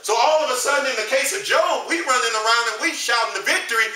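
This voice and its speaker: Bright-voiced preaching man in an echoey church. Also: extremely high pitch, fast. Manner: call-and-response, leaves blanks for the class to fill. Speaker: Sunday school teacher. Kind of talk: preaching Sunday school lesson. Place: church hall. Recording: roomy echo, mic from a distance.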